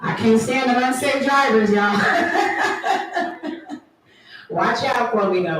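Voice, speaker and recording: A woman's voice: a little high, slow, long pauses, fairly bright tone, a little hiss or hum. A woman in her thirties doing a playful stand-up comedy set with teasing crowd work at a live event. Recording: echoey room, from far off.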